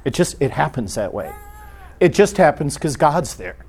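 A middle-aged man teaching a church class in a relaxed, conversational way, often acting out short quoted exchanges. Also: on the high side, moderate pace, breathy edge.

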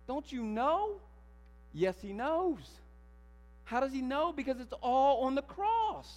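A man preaching a sermon in a church, animated, firing rhetorical questions and building to emphatic declarations. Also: very high voice, slow. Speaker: pastor. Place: church sanctuary. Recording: long hall reverb with mains hum.

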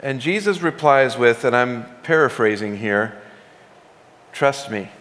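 A man's voice: medium pitch, lively intonation, normal speed, a bit bright. A man preaching a sermon as pastor, talking conversationally and building emphasis as he retells a scripture story in his own words. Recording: long hall reverb.

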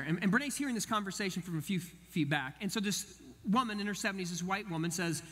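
A man preaching a sermon, telling a story in an animated way and acting out the voices of the people in it. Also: sits high, fast, few pauses. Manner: animated, acts out quoted voices. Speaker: pastor. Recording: long hall reverb.

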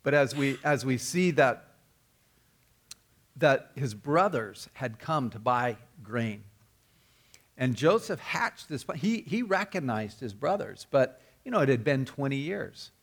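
A man's voice: medium pitch, big pitch swings, a little slow. A man preaching a sermon, telling the story earnestly and often repeating or restarting his words. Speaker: pastor.

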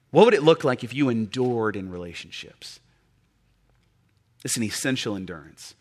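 A pastor preaching a sermon, dropping to a hush and then building to loud, passionate appeals. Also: male voice, mid-range voice.

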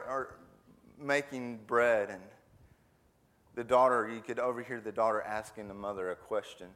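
A man's voice: medium pitch, fairly bright tone. A man giving a camp sermon that guides listeners through an imagined scene, talking hesitantly and repeating words. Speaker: camp speaker. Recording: long hall reverb.

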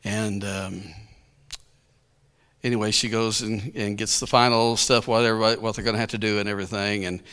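A man's voice: fairly low pitch, flat delivery, a little fast, fairly bright tone, smooth. A male pastor telling a story in a sermon, in a folksy, colloquial way, chuckling often.

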